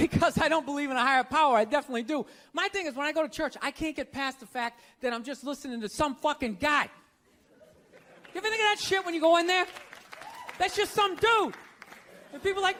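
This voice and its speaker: Stand-up man, very high bright tenor, sarcastic ranting, live stage mic with a faint crowd. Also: animated, brisk. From United States. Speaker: stand-up comedian. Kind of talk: stand-up routine. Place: comedy stage before a live audience. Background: audience laughter.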